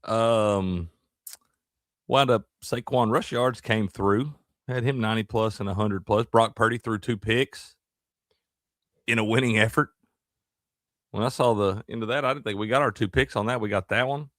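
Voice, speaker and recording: Male co-host, lowish voice, dry close sound, relaxed slangy sports banter. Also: normal speed, long pauses, no echo. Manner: easygoing, drawling banter with slang. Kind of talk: casual live-stream chat.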